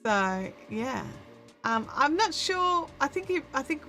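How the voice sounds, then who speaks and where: A woman's voice: sits high, sing-song, takes it slowly, pushed and bright, soft background music. A woman with an Australian accent hosting a live stream, chatting casually to viewers in a rambling way with lots of restarts, on a good microphone. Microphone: good studio microphone.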